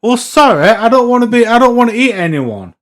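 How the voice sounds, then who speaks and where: A man's voice: very high voice, big pitch swings, a little fast. A man, co-hosting a casual podcast chat, blunt, sweary and incredulous. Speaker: podcast co-host.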